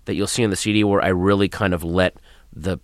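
Thoughtful low-voiced man comedian. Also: fairly even intonation, fast talker, no echo, studio quality. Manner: thoughtful, trails off, drops to soft quiet asides. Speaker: comedian guest. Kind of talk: interview answers.

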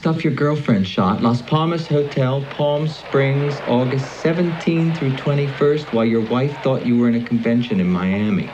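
An actor with a Baltimore accent playing a menacing male blackmailer and pornographer in a flat, taunting drawl, heard from a dull film soundtrack with background noise. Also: medium pitch, moderate pace, few pauses, voice pushed up, close to an everyday voice.

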